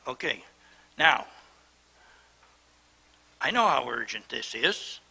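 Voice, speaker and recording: A man's voice: mid-range voice, big pitch swings, slow, vocal fry, bright, forceful tone, slightly rough, rough recording. A middle-aged man chairing a town council meeting, worked up and indignant as he lectures the council from the chair. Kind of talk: heated council debate.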